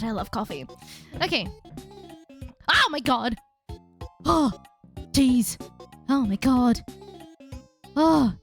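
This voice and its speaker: High-pitched lady streamer reading game text aloud, gets startled a lot, voice jumps all over. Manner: excitable, easily startled, frequent exclamations.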